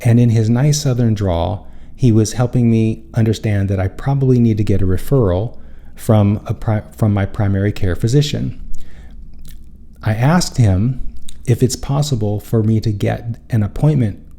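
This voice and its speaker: A man's voice: fairly low pitch, moderate pace, dark tone. A man hosting a spiritual self-help show, telling a personal story in an earnest, rambling way and often correcting himself mid-sentence.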